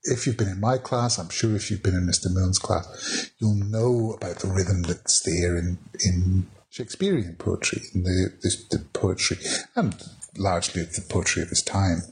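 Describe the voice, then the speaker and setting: A man's voice: deep voice, a little hiss or hum. A man teaching a casual poetry lesson, chatty and wry, with many restarts as he reads verse aloud. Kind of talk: informal spoken lesson on poetry.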